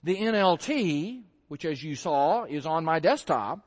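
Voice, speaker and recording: A man's voice: a little high, sing-song, a little slow, hardly any pauses. A man preaching a sermon in a conversational way, asking rhetorical questions and acting out his listeners' reactions. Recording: long hall reverb.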